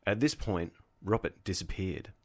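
A man's voice: deep voice, moderate pace, a little mellow. A man co-hosting a casual podcast, reading out his research notes and stopping to laugh and correct himself. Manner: narrates from notes with frequent laughs and self-corrections. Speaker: podcast co-host presenting the research.

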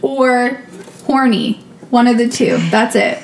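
A woman's voice: a little high, takes it slowly, vocal fry, darkish tone, slight background noise. Giggly, crude young woman. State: tipsy. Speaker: podcast co-host. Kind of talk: drunken casual chat.

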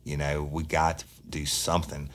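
A man with an extremely deep, low voice and a drawl, hosting a true-crime podcast. He talks in a loose, blunt monologue, swearing freely and sounding fired-up. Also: monotone, normal speed. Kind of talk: casual monologue storytelling.

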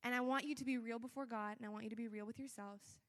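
A young woman with a high voice preaches to her church in a casual, earnest way, full of "like" and restarts. Her words ring out with a long echo, as if from a big church hall. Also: steady tone, fast. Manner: conversational, earnest, with many fillers. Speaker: church speaker. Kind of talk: sermon.

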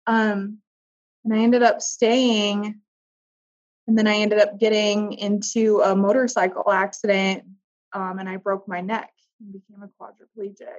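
A woman recounts a hard stretch of her life as a guest, stopping and restarting her sentences and letting some words fade into pauses. Her voice sits at a middling pitch. The recording is a little muffled and dull. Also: little pitch movement. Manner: halting, with restarts and soft trailing pauses. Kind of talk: personal story in conversation.

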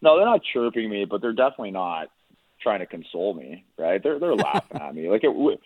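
A man's voice: lowish voice, very animated, fairly quick, no echo. A laid-back man from Canada, a guest telling a story casually over the phone. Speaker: guest analyst. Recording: tinny phone line.

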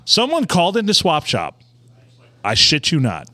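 A man's voice: a little high, normal speed, no echo. A man hosting a casual podcast chat in a bar, telling stories with lots of jokes. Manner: joking, animated storyteller. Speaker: podcast host.

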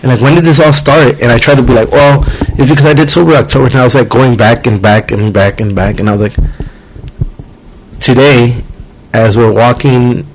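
A man's voice: medium pitch, a little fast, a little hiss or hum, low-quality recording. Casual, swearing podcast host, a man. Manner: rambling, swears freely, acts out quotes. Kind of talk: casual chat.

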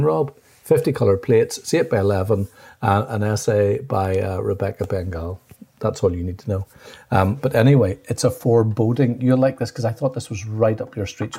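Man, distracted podcast co-host, low pitch, husky and gravelly. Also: dark tone. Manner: rambling, distracted, restarts a lot. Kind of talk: casual chat.

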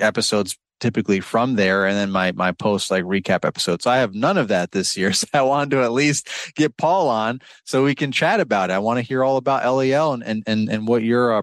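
A man's voice: mid-range voice, fairly quick, hardly any pauses, no echo. Laid-back male podcast host, dry sound. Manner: laid-back, encouraging, laughs often. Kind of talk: casual chat.

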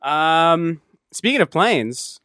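A man's voice: on the high side, very animated, extremely slow, sharp tone, no echo, clean studio sound. A man co-hosting a casual podcast chat, rambling with lots of fillers and restarts and laughing often as he talks. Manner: laughs often while talking. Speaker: podcast co-host.

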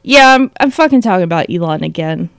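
A woman's voice: lowish voice, animated, fast talker, vocal fry, dry recording, studio quality. A woman co-hosting a podcast, chatting casually, often laughing and swearing with sarcasm. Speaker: podcast co-host. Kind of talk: casual chat.

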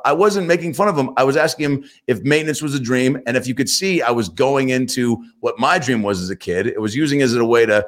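A man's voice: mid-range voice, fast, few pauses. A man, a comedian and actor, telling stories as a guest in a casual interview, acting out what people said. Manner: animated storyteller, acts out quotes.

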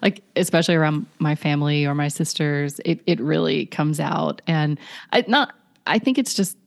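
A middle-aged woman from North Carolina, chatting as a podcast guest with lots of "like" and "you know" and soft laughs. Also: low-pitched, normal speed, creaky. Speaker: podcast guest, brand story consultant. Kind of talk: casual conversational interview.

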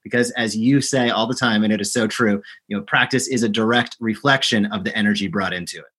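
A man's voice: lowish voice, quick pace, fairly bright tone, breathy edge. A man who is a guest on a podcast interview, explaining his service in an earnest, emphatic, persuasive way. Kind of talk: interview conversation.

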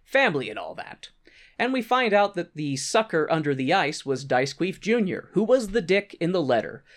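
A man's voice: high-pitched, moderate pace. A man co-hosting a podcast, casually recapping a stage show with jokes and frequent laughter. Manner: animated, laughing, jokey. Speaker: podcast co-host.

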